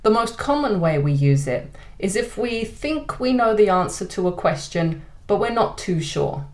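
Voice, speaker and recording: A woman with a British accent teaching an online English lesson, speaking clearly and deliberately. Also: mid-range voice, expressive. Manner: clear, deliberate teaching delivery with exaggerated example intonation.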